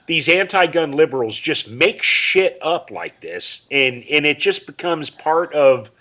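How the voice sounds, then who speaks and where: Blunt, lively man ranting. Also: on the high side, a little slow. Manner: blunt, indignant, swearing. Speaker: podcast co-host. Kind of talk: casual chat.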